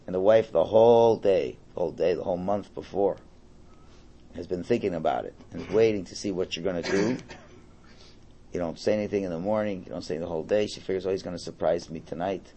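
A man's voice: deep voice, fast, warm tone, a little hiss or hum. A middle-aged man teaching a religious class. He translates a Hebrew text aloud in a conversational, jokey way, with many restarts.

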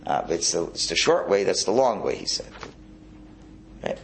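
Male religious teacher, gravelly, very expressive pitch, repeats himself while explaining. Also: moderate pace, slight background noise. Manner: animated, repeats words, restarts phrases. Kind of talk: Hasidic Torah class.

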